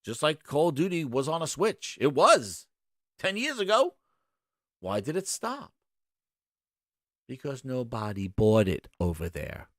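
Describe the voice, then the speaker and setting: A man's voice: mid-range voice, huge pitch swings, measured pace, long pauses, no echo, studio quality. A man hosting a gaming show, ranting with sarcasm and exasperation in casual commentary.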